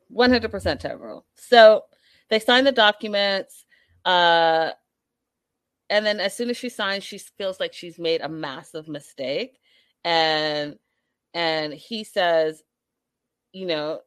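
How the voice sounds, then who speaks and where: A woman talks in a sassy, exasperated way, repeating her points for emphasis. Her voice sits a little low and sounds close and dry. She reads viewer chat and reacts in a loose, casual style. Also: dry recording. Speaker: commentator reacting to a reality show. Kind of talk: casual live commentary reading chat.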